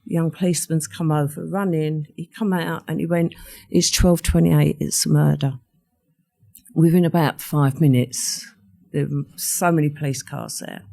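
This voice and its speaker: A woman's voice: deep voice, fairly even intonation, moderate pace, creaky, dark tone. An older woman, a podcast guest recounting a personal story in conversation and acting out what others said. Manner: vivid storyteller who acts out what others said.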